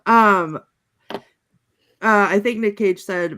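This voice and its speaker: A woman's voice: mid-range voice, unhurried, fairly bright tone, a little hiss or hum. A woman on a podcast panel, chatting casually over a video call and recapping movie quotes in a rambling, giggly way, full of fillers and restarts.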